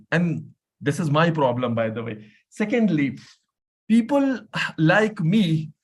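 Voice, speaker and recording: Slow, hesitant Pakistani man. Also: on the high side. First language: Urdu. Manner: slow, hesitant, self-deprecating. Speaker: club speaker. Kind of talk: short speech at a club meeting.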